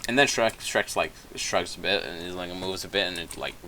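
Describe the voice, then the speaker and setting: With a deep, sharp voice at a moderate pace, a young gameplay commentator casually recounts a movie's plot as he plays. He swears constantly and trips over fillers in an offhand way, over a little hiss or hum.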